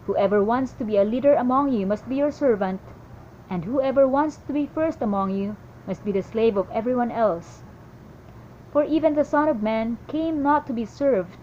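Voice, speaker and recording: Mellow woman reading scripture aloud. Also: fairly high pitch, dull audio, slight background noise. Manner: steady reading with small slips and restarts. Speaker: Bible reader.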